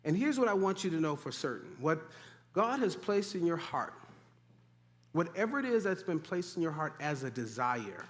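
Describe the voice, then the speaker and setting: A man preaching a sermon in animated call-and-response style, urging the congregation to repeat after him. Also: a little high, moderate pace. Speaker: pastor. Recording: echoey hall.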